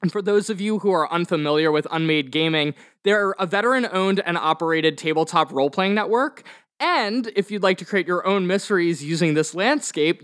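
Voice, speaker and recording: A fairly high-voiced man runs a tabletop game podcast as game master, talking in a chatty, upbeat, rambling way. A slight lisp from vampire teeth colors his words. The sound is dry and close. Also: fairly bright tone, clear, resonant tone, no echo. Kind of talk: casual podcast chat and game hosting.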